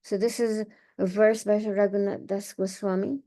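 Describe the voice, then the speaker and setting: A woman leading a scripture reading class, retelling a sacred story in a relaxed, conversational way. She often pauses on fillers and restarts her sentences. Her voice sits at a middle pitch for a woman. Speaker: class speaker.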